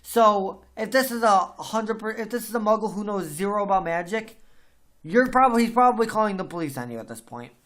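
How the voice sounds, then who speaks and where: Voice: medium pitch, animated, brisk, a bit bright. A podcast host in a casual book discussion, talking emphatically and venting strong opinions.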